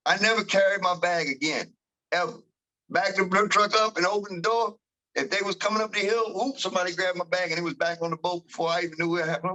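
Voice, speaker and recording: Animated South Louisiana riverboat captain. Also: male voice, fairly high pitch, fast, low-quality recording. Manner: animated storyteller, laughs often, acts out quoted crew voices; rambling with many restarts and slang. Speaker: towboat captain. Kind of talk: casual storytelling interview.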